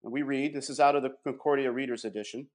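A man giving a measured, emphatic theological explanation and reading passages aloud. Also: mid-range voice, steady tone. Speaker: guest presenting doctrine. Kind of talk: explanatory theological talk with read quotations.

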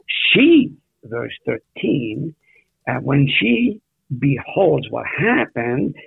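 A man with a gravelly, husky voice leads a Bible study at an unhurried pace. He keeps asking his listeners questions. The sound is thin and phone-like. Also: medium pitch, no echo. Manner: animated, asks the listeners questions. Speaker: Bible teacher. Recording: tinny phone-like radio audio.

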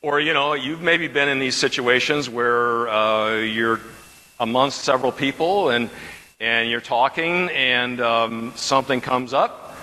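A man's voice: medium pitch, measured pace, bright, forceful tone, long reverb tail, poor audio. A man teaching a Bible class as a pastor, talking conversationally and repeating questions from the class.

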